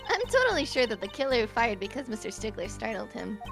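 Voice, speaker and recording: A woman's voice: on the high side, big pitch swings, quick pace, vocal fry, fairly bright tone, exaggerated voice. A woman voicing a cheeky, teasing young girl in a fan-dubbed courtroom game, with game music behind.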